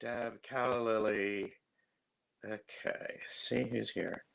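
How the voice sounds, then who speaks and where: Chatty guy in his 50s on a webcam stream, bright voice, takes his time. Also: fairly low pitch, steady tone, slow, creaky. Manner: chatty, greets viewers by name. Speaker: livestream host. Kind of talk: casual livestream chat.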